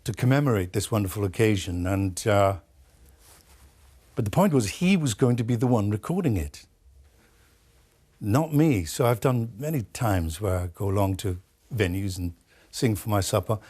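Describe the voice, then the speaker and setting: Man, Welsh-born, husky voice, meandering anecdote, many ums. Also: on the low side, moderate pace, a little mellow. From Wales. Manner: hesitant, anecdotal storytelling with many fillers. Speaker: studio guest. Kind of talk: broadcast interview.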